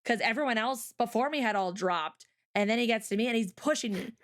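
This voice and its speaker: With a slightly high voice that runs a little fast, this streamer and host tells a chatty story on her livestream. "Like" and "um" fill her speech, she frequently speeds up, and she acts out her own past words.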